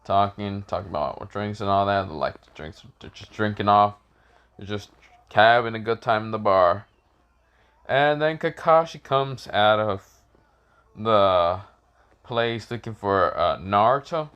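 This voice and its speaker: A man casually improvising a fan-fiction story, rambling with self-corrections, swearing, and high shouted voices for characters. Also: unhurried, clear, resonant tone, dull audio.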